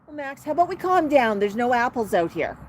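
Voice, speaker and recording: Soothing woman with a high lively voice. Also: a little fast, raised voice. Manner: soothing, talks to the bird like a small child. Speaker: pet parrot owner hosting a live stream. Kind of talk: casual live-stream chat to her bird. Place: outdoor patio by a street. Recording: outdoor street traffic noise.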